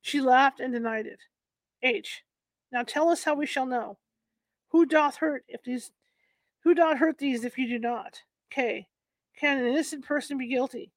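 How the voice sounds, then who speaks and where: A high-pitched woman reads an old court record out loud, line by line. She trips over the archaic phrasing and starts lines again. Her voice sounds dry and close. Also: no echo. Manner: halting reading, frequent restarts on old wording. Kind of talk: reading a historical court transcript aloud.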